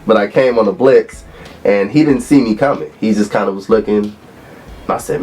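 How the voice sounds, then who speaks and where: A man in his thirties from Los Angeles, a former college football player, relaxed as he tells stories in an interview. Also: lowish voice, moderate pace, husky. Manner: relaxed storyteller who acts out quotes. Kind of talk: interview reminiscing.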